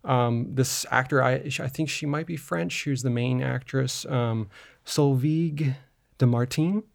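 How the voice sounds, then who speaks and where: A man's voice: mid-range voice, a little slow, gravelly. A man co-hosting a film podcast, recapping a movie in a rambling, casual way with lots of fillers and restarts. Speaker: podcast co-host.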